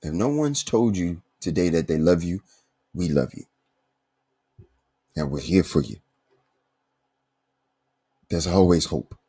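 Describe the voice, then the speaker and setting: A man's voice: expressive, slow pace, pauses often, dark tone. A man hosting a recovery podcast, talking in an earnest, heartfelt way. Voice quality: very deep, husky. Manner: earnest, heartfelt, many restarts. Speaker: podcast host.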